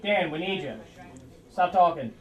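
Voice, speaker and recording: A backstage crew member, a man, throwing out quick, clipped questions and prompts. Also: high voice, lively intonation, recorded from a distance, dull audio. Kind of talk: backstage planning talk.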